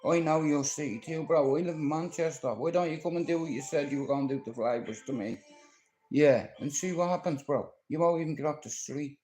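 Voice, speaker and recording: A Dublin man pours out a rambling, foul-mouthed livestream monologue that swings between threats and memories. His voice sits a little high. It rings around an echoey room, with faint music underneath. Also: brisk, darkish tone. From Ireland. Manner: profane, confrontational, storytelling. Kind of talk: rambling live-stream monologue.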